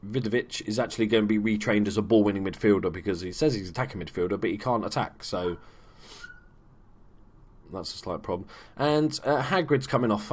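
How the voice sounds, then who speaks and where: A man giving casual, chatty commentary over a football management game, swearing freely and bursting into shouts at big moments. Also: lowish voice. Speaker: gaming YouTuber. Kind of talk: casual let's play commentary.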